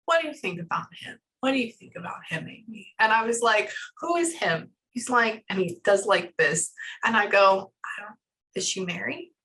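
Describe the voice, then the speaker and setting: A bright, forceful woman's voice, talking fast and loose as a psychic medium during a casual reading. She rambles animatedly and keeps breaking off with quick asides before picking up the thread again. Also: medium pitch, a little hiss or hum, low-quality recording. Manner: chatty, animated, stops herself with frequent asides. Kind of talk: casual reading session with a client.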